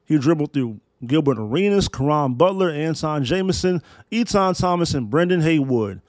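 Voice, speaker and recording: A man in his thirties from Maryland, US, hosts a solo podcast. His voice is a little high and expressive at a moderate pace, and he talks in emphatic, profane build-ups that sound like a preacher's. The recording is dry.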